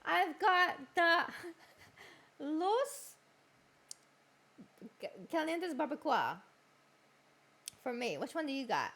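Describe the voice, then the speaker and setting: A woman's voice: high-pitched, sing-song, slow pace, long pauses, a bit bright. A young woman hosting a stream, telling a crude story with lots of laughing and swearing. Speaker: streamer host. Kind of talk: casual stream chat.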